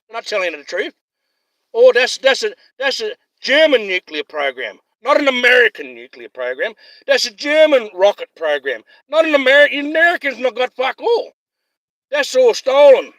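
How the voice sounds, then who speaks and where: A man's voice: high-pitched, fairly bright tone, no room sound. A man ranting heatedly on a livestream, swearing constantly and repeating himself. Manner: profane, heated, repetitive.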